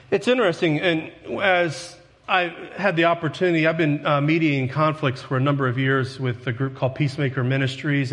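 Earnest preaching man in a reverberant church. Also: medium pitch. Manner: earnest, conversational preaching with self-deprecating asides. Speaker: pastor. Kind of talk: sermon. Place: church sanctuary. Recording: long hall reverb.

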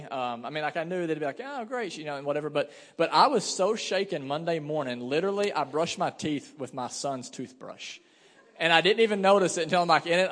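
Animated young pastor preaching in a hall. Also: male voice, a little high. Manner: animated storytelling with asides and fillers. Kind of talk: sermon. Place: church sanctuary. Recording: hall reverb.

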